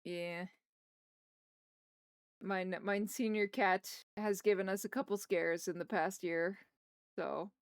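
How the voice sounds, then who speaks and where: Smooth-voiced woman chatting on a livestream. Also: mid-range voice, steady tone, slow, pauses often, dry recording, studio quality. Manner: chatty, rambling, talks to her pets. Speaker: streamer. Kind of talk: casual livestream chat while drawing. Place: home desk in a wheeled chair.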